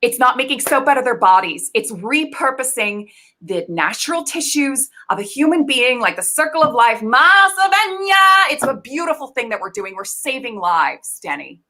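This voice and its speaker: A woman's voice: on the high side, lively intonation, moderate pace, pushed and bright, rough recording. A haughty biotech executive, played by a woman who bosses her staff around in slick corporate jargon. She is pompous and dismissive, talking down to the people who work for her. It comes across as an improvised comedy scene.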